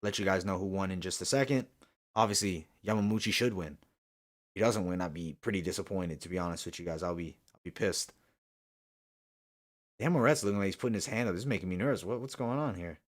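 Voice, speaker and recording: A man's voice: low voice, fast. A man hosting a live fight-night stream, chatting with viewers and ranting heatedly about the judging, with lots of swearing. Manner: reads and answers viewer comments. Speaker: livestream host. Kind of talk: live fight commentary chat.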